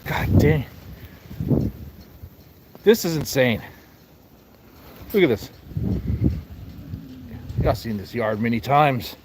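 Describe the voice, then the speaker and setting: A man's voice: mid-range voice, lively intonation, slow, pauses often. Joking man filming outdoors in wind. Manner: jokey, rambling, mock-outraged outbursts. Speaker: vlogger. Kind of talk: joking vlog while walking in snow. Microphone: phone held while walking. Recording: loud wind noise on phone mic.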